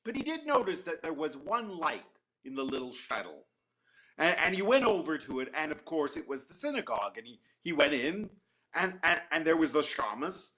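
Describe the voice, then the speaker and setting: A man telling a folktale to an audience, animated and with frequent restarts. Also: fairly high pitch, moderate pace. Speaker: storyteller.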